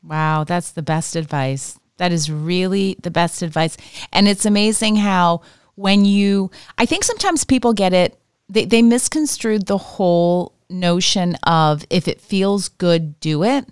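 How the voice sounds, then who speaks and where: A woman's voice: on the low side, unhurried, smooth, no room sound, studio quality. A woman hosting an interview, who responds enthusiastically and with affirmation and then reflects on what she hears. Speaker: podcast host. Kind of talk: interview conversation.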